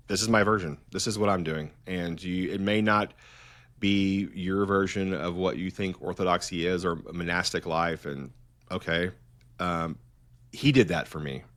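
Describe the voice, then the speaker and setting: A middle-aged man, a filmmaker talking as a guest in a casual interview, enthusiastic and rambling, often restarting his sentences. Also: deep voice.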